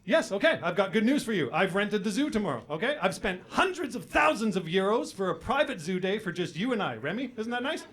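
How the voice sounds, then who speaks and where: A man's voice: sits high, sing-song, fairly quick, few pauses, a bit bright. A man from Canada doing a loose stand-up comedy set on a club stage, tossing in constant "right?" and "okay?" asides. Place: comedy club stage before a live audience.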